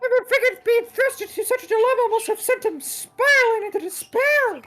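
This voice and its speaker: A woman co-streaming a game who reads a story recap aloud in a dramatic, expressive way. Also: very high-pitched, brisk, faint music behind.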